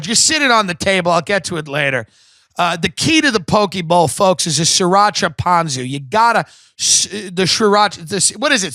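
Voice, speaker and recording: A man with a high, sharp, tense voice rants emphatically through a comedic podcast monologue, swearing freely. The sound is dry and close, with no room around it. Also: no echo. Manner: profane, emphatic ranting. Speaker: podcast host.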